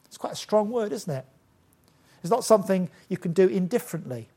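An older man preaching a sermon, emphatic, slowing to stress key words. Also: high-pitched, lively intonation, dark tone, slightly rough. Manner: emphatic, with slow deliberate stresses.

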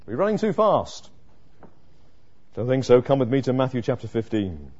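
A man preaching an expository sermon, dramatic, moving from hushed lines to emphatic ones. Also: mid-range voice, sing-song, normal speed. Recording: muffled lo-fi sermon recording.

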